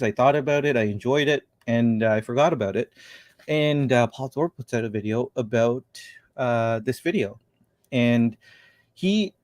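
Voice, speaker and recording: A man's voice: medium pitch, darkish tone, no echo, studio quality. A man hosting a casual livestream chat, rambling and thinking aloud as he talks. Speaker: show host.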